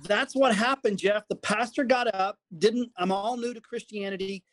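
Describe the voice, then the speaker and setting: Animated man telling a story, dry sound. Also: high voice, normal speed, no room sound. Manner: animated storyteller acting out quotes. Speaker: guest, comedy performer. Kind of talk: storytelling in casual conversation.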